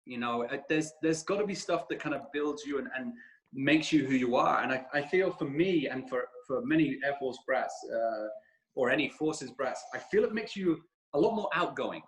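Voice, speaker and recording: A British man, a podcast guest, telling stories in a lively, animated way with frequent restarts. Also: medium pitch, normal speed, rough recording. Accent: British, shifting between regions. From England. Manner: animated storyteller, many restarts. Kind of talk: casual conversation.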